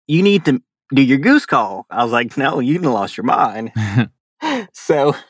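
A man's voice: mid-range voice, measured pace, breathy edge, no echo. Laughing young man telling stories. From Louisiana. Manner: animated storyteller, acts out quoted voices, laughs often. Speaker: guest, animal caller. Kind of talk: casual storytelling in an interview.

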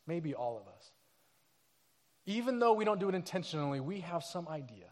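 Animated, high-voiced man preaching a sermon. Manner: animated storytelling, acting out quoted people in funny voices; casual slang like dude and crazy. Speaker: pastor.

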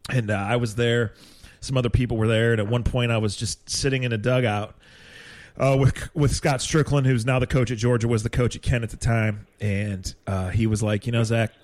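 Relaxed male podcast host. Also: medium pitch. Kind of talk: casual podcast chat.

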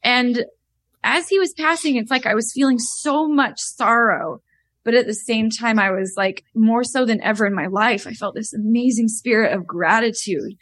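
A woman guest in an interview, talking in an earnest, heartfelt way with quick fillers. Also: fairly high pitch, fairly bright tone, dry recording. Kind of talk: conversational interview.

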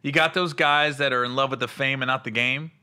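A man hosting a casual chat, telling lively stories and laughing often. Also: mid-range voice, fairly quick, clean tone. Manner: animated storyteller who laughs a lot. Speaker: podcast host.

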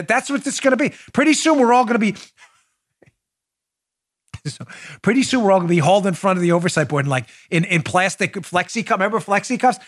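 A man hosting a political talk show, excitable and loud, with a sarcastic edge. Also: high voice. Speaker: podcast host.

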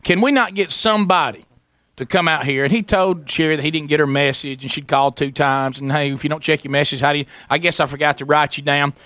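A man, hosting a talk radio show and telling a story in a lively way, acting out the people in it. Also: on the high side, fast talker, no echo. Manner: animated, acts out quoted voices, sarcastic. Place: radio studio.

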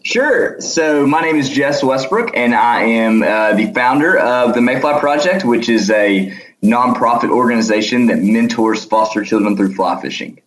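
A man's voice: medium pitch, lively intonation, normal speed, few pauses, reverberant, rough recording. A man with an Arkansas accent, a guest in a casual interview, hesitant and chatty with many fillers and restarts. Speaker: guest, nonprofit founder.

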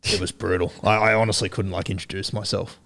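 A man guesting on a studio podcast, talking in a relaxed way with a slight stutter. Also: sits low, fast talker, gravelly. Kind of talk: casual chat.

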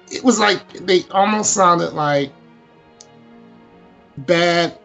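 Guy hosting a movie podcast, kinda high voice, rambly and jokey, faint music behind. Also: expressive, slow pace, creaky, long pauses, a bit bright, muffled recording. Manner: rambling, playful, restarts often. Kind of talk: casual movie discussion.

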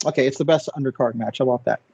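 A man's voice: mid-range voice, very fast, mellow, breathy edge, dry recording, lo-fi sound. A man co-hosting a casual podcast chat, dropping dry, wry short remarks. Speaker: podcast co-host.

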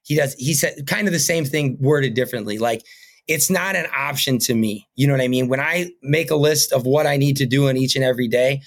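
Earnest rambling man in a podcast interview. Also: medium pitch. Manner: earnest, rambling, fillers and "right?" tags. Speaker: podcast guest, painting company owner. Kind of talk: casual interview talk.

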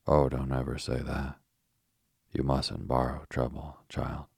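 A man voicing a deaf, kindly, fussy old village grandmother in an audiobook, with folksy rustic speech and loud exclamations. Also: a bass voice, little pitch movement, unhurried, gravelly, breathy edge, dry recording, clean studio sound, heavily acted. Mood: gloomy, scolding. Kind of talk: audiobook character reading.

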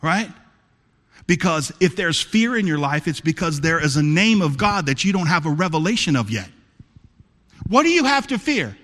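A man preaching a sermon as pastor, calling out to his church and building to fervent shouts. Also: a little high, big pitch swings, moderate pace, in a large hall. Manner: preaching, rising to fervent shouts, calls to the congregation.

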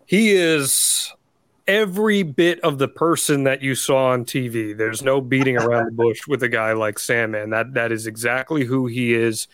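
A man hosting a podcast who asks measured questions and sets up the history for his guest. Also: medium pitch, fairly even intonation, a bit bright, clear, resonant tone, no room sound. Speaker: podcast host. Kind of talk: interviewer, casual.

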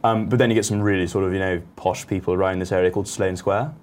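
English man, fairly low voice. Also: fairly even intonation, fast, a little mellow, a little hiss or hum. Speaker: guest. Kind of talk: casual chat with impressions.

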